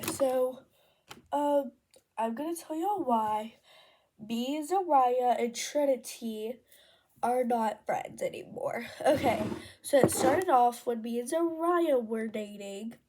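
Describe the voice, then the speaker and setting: Slow-talking teen girl vlogger. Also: fairly high pitch, noisy background. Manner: rambling, full of fillers and self-corrections. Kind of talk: casual storytime while doing makeup.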